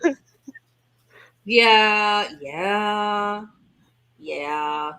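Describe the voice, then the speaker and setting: Woman, casual stream chat, rambling, cusses, acts out voices, mid pitch. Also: normal speed, fairly bright tone. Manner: rambling, swears, acts out quotes with laughs. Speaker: webcomic co-creator streaming.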